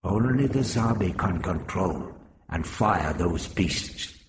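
A man voicing a stern male insect-like alien rebel leader in an audiobook, speaking in low, terse commands. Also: expressive, takes it slowly, reverberant. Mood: urgent.

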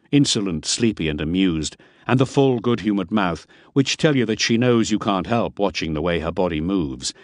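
A man reading a first-person story aloud in a wry, expressive narrating manner. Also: deep voice, no echo, studio quality. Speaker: audiobook narrator.

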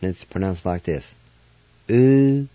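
A man's voice: fairly low pitch, unhurried, dark tone, no room sound, lo-fi sound. A man hosting a radio language lesson, spelling each word letter by letter and sounding it out syllable by syllable. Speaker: radio host teaching Cherokee words.

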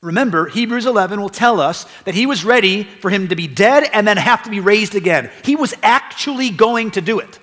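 Higher-voiced preacher in a reverberant hall. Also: male voice, lively intonation, a little fast, few pauses, sharp tone. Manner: earnest, conversational, repeats phrases for emphasis. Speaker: pastor. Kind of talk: sermon.

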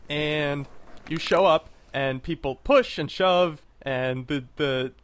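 In a casual podcast chat, a male co-host rambles and hesitates, full of fillers and restarts. His voice is slightly high and a bit bright, his pace slow, and there's a little background noise.

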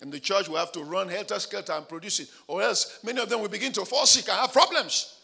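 A male pastor preaching a dramatic sermon, building up to shouted declarations. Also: high voice, fast, gravelly.

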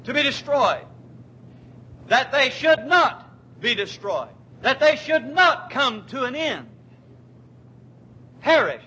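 A man preaching a sermon, who repeats his key words for emphasis and slows down when quoting scripture. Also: very high-pitched, sharp tone, rough recording. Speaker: pastor.

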